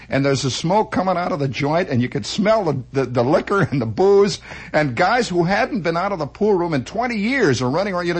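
A man telling a comic story from his childhood as a monologue, animated, acting out sound effects and voices with many restarts. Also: sits high, husky.

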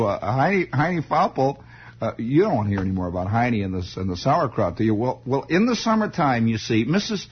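A man's voice: mid-range voice, husky. A man telling a rambling comic story, full of digressions and teasing asides to the listener. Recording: dull lo-fi recording.

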